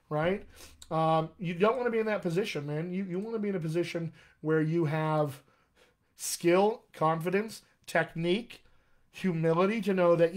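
A man's voice: a little high, moderate pace. A man coaching actors on accents in a live online session, enthusiastic and encouraging, talking straight to his viewers. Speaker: dialect coach. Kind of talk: live-streamed coaching talk. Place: home room, live video stream.

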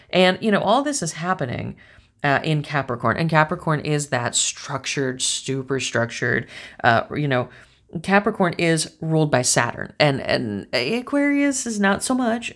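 A woman giving a casual, chatty tarot and astrology reading, rambling through stories with lots of fillers. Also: sits low. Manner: chatty, rambling, animated storytelling.

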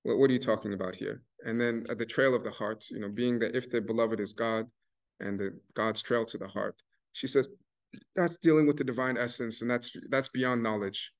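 A man's voice: medium pitch, fairly even intonation, normal speed. A man giving an academic talk, telling stories casually with many restarts and fillers. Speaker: lecturer. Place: university lecture hall.

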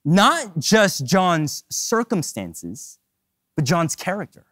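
Animated, lively-voiced male pastor. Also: sits high, slow, dry recording, studio quality. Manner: animated, humorous, emphatic. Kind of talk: sermon.

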